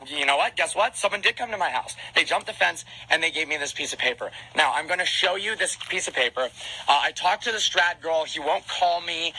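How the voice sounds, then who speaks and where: Panicky guy in his twenties ranting live from his house, cursing a lot, tense husky voice. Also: high voice, bright, forceful tone, poor audio. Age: 20s. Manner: fast, rambling, restarts, heavy swearing. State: panicked, anxious. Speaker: car content creator on a livestream. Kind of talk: agitated livestream rant. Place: at home, alone.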